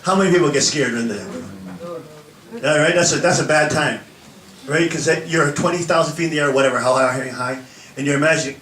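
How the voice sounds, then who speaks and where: Animated pastor in an echoey hall. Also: male voice, a little high, fairly quick, recorded from a distance. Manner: animated, laughing often, acting out scenes. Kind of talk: sermon. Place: church hall with an audience.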